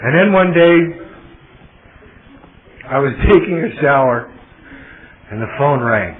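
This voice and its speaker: A man's voice: mid-range voice, expressive, a little slow. A man telling his own recovery story to a meeting, self-mocking and loose, with many fillers and restarts. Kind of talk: personal story told to a live audience. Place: meeting room at a podium. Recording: tinny phone-like old tape.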